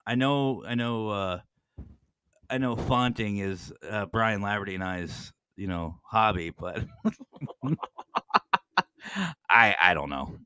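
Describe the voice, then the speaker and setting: A man hosting a podcast in casual chat, joking and swearing freely as he tells animated stories. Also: lowish voice, takes it slowly, pauses often, clean tone, dry recording. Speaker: podcast host.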